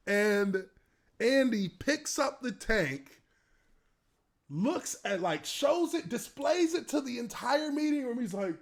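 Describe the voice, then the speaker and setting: Speaking in a high voice and without hurrying, a man in his thirties who used to play pro football tells casual, animated stories. He laughs and acts out the scenes as he goes.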